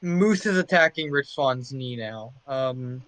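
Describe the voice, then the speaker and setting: A man's voice: mid-range voice, expressive, slow, a bit bright. Man dropping brief, dry podcast asides. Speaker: podcast co-host. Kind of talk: casual chat.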